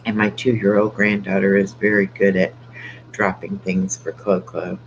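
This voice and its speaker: This older man speaks low and level at a measured pace, with vocal fry, chatting casually with his dog on a late-night live stream from home. He stays quiet to avoid waking the house, and the audio is dull and lo-fi with a faint hum.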